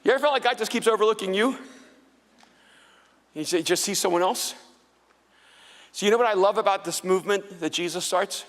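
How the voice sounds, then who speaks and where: Male pastor, sermon. Bright, forceful preaching that dips to hushed intensity. Big hall reverb. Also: high voice, a little fast, long pauses. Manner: animated storytelling, drops to soft intense near-whispers. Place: church hall before a congregation. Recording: large hall with long reverb.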